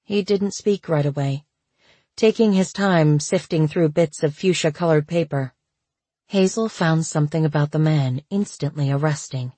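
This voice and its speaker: An audiobook narrator reading a novel in a steady, measured way. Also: medium pitch, no room sound. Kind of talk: scripted narration.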